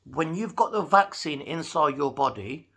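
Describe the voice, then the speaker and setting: Male vlogger, gravelly and forceful tone, slightly high pitch, chatty storyteller. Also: animated, moderate pace. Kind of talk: casual talking-to-camera vlog.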